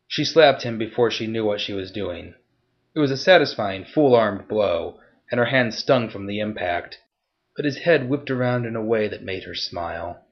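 A man narrating a story in a steady, even storytelling voice. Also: fairly low pitch, dull audio. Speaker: audiobook narrator. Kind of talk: scripted narration.

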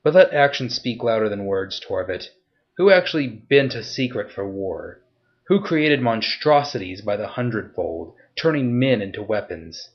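A man voicing a cold, threatening young woman who interrogates in a soft, low voice. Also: animated, moderate pace, dull audio, close to an everyday voice. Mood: menacing.

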